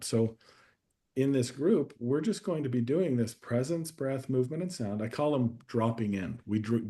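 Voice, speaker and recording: A man guest on a conversational podcast, sharing a personal story in a reflective, steady way that grows animated at times. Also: mid-range voice. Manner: reflective, warm storyteller who gets animated in anecdotes. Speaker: guest coach.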